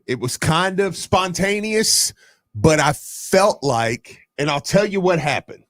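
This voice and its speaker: A man's voice: on the high side, slow pace, no echo. A man co-hosting a sports radio show, telling a story with lots of laughter. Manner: animated storyteller, laughs often. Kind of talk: casual sports radio chat.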